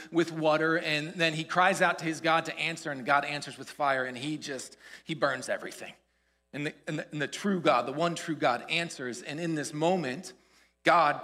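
Animated man preaching in a reverberant hall. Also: fairly high pitch. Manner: animated storytelling, acts out quoted lines. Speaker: pastor. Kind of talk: sermon.

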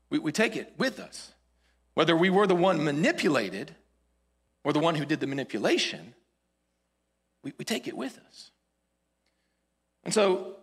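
A man preaching a sermon, retelling a Bible story in an animated, conversational way with rising emphasis and casual asides. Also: a little high, slightly rough.

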